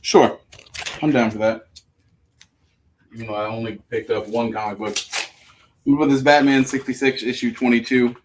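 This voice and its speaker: A man hosting a live comic book sale, pitching each issue in a joking, profane, auctioneer-style way. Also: fairly even intonation, moderate pace, long pauses, slight background noise. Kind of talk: casual live-stream sales patter.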